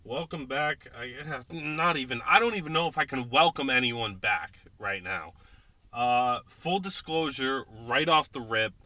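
A tipsy man hosting a casual sports podcast, ranting and swearing in exasperation, with sudden loud outbursts between beers. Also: mid-range voice, expressive, unhurried, no room sound. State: drinking beer, tipsy. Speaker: podcast host.

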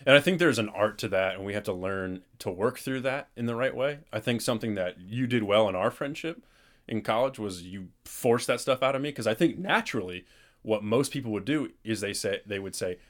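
A man's voice: fairly low pitch, fairly quick. A young man co-hosting a podcast, chatting casually and reflectively with a friend. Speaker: podcast co-host. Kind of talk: casual chat.

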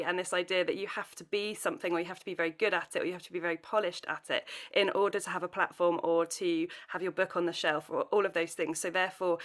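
A woman's voice: fairly low pitch, a bit bright. A woman with a British accent hosting a podcast, speaking in a thoughtful, reflective way. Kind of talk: casual podcast conversation.

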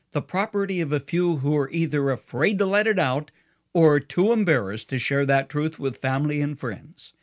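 A man delivering a scripted devotional radio commentary in an earnest, measured and persuasive way. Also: a little high.

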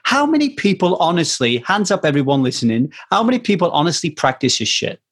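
A man chats on a podcast with a slightly husky voice, telling stories with lively quoted lines. He talks casually, as if to a friend. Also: fairly high pitch, quick pace. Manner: animated storyteller, acts out quoted voices. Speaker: podcast co-host.

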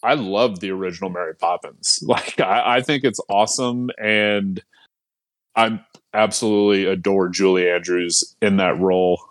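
A man co-hosting a casual film podcast, who gives his opinions in a measured way. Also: low-pitched, steady tone, dry recording. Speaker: podcast co-host. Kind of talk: casual chat.

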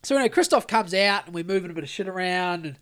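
A man's voice: high voice, lively intonation, very fast, a bit bright, smooth. An Australian man co-hosting a podcast, telling a long story in a rambling, sweary way with lots of restarts. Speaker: podcast co-host. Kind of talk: casual chat.

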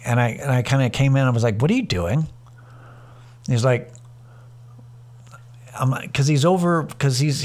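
Guy telling a story about a dumb coworker, acts out the argument, swears a lot, normal pitch. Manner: animated, acts out both sides of a quarrel in quoted voices; casual and profane, many restarts and fillers. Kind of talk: storytelling comedy monologue.

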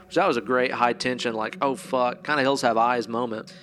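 A man's voice: mid-range voice, fairly even intonation, quick pace, fairly bright tone, a little hiss or hum. A man casually recapping a horror film on a podcast, rambling and swearing freely. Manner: profane, rambling storyteller. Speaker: podcast co-host. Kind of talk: casual movie recap chat.

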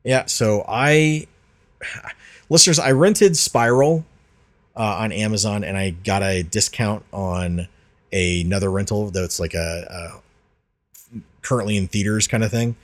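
Low-voiced man chatting about movies. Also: unhurried, pauses often. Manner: rambling, many restarts and fillers. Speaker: podcast host. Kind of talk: casual chat about movies.

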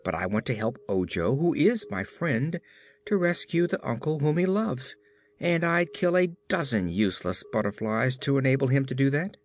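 A man's voice: medium pitch, lively intonation, normal speed. A man doing a brash patchwork girl. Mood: flippant. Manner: flippant and brash. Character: blunt, carefree heartless patchwork girl.

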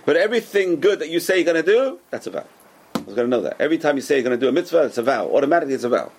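A man teaching a Torah class as a rabbi, animated and repetitive, who keeps asking rhetorical questions and answering them himself. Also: on the high side, very fast, a little hiss or hum.

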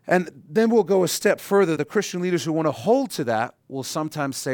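A man preaching, with a slightly high voice. He mixes scripture reading with dry humor and plain talk to his congregation. The sound is close and dry, with no room echo. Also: lively intonation, brisk, few pauses, a little mellow. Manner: conversational preaching with wry asides. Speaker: pastor. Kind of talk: sermon.

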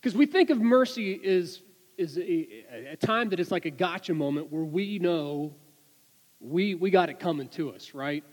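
A man giving a sermon, telling an anecdote with lively delivery and many restarts and repeated words. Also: a little high, unhurried, big-room sound, low-quality recording. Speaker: preacher. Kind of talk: sermon with storytelling.

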